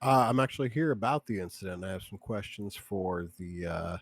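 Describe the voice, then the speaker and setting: A man playing a tabletop game, talking in a dry, halting way. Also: sits low. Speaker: player. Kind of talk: casual play and in-character talk.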